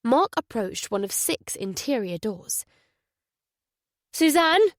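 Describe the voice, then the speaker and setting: A woman narrating a mystery thriller audiobook at a measured pace. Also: mid-range voice, expressive, no room sound, clean studio sound. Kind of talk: scripted narration.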